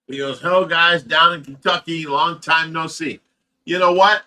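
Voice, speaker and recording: A loud, laughing middle-aged man hosts a casual livestream, reading out viewer comments with a bright, forceful tone. His voice sits a bit high for a man. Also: steady tone, normal speed, a little hiss or hum. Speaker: livestream host reading chat. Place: fish room at home.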